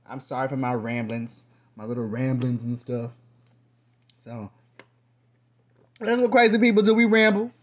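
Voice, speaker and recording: A man hosting his own podcast in a casual, rambling monologue, with lively bursts and quiet trailing asides. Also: mid-range voice, moderate pace, long pauses, lo-fi sound. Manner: chatty, loose, drifts between topics. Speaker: podcast host.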